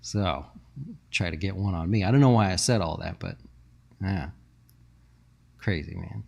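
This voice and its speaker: A man's voice: low voice, unhurried, gravelly, darkish tone. A man hosting a casual stock market show, talking in a chatty, rambling way and answering viewer questions.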